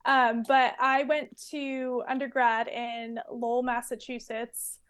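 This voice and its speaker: A woman's voice: a little high, level tone, takes it slowly, fairly bright tone. A woman from California in her twenties, a guest anthropologist chatting casually in a podcast interview, with a loose style full of fillers and laughs.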